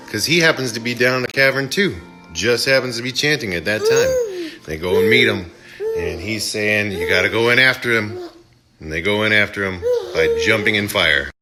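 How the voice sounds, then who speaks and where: A man casually recapping a film play by play, animated, slipping into mock voices for the characters. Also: mid-range voice, moderate pace, over music. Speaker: movie reviewer.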